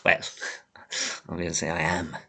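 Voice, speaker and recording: A low, gravelly Irish man, stuffed up with a head cold and slightly husky. He rambles at an unhurried pace in a dry, sardonic, self-deprecating way. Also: little pitch movement, sharp tone. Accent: Irish, mildly Limerick. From Ireland. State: congested with a head cold, coughing. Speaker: vlogger. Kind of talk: rambling solo monologue.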